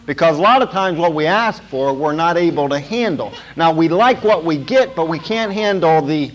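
A pastor preaching a sermon in a small church. His voice sits a little high for a man. He checks in with the congregation with an "okay?" before driving his main points home with emphasis. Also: expressive, normal speed, a little hiss or hum, poor audio. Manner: preaching with repeated "okay?" check-ins and emphatic build-ups.

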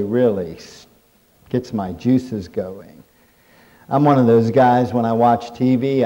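A middle-aged male preacher with a warm, mellow voice. He delivers his sermon in a folksy storytelling way, working jokes in as he goes. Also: mid-range voice, highs cut off. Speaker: pastor. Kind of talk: humorous sermon.

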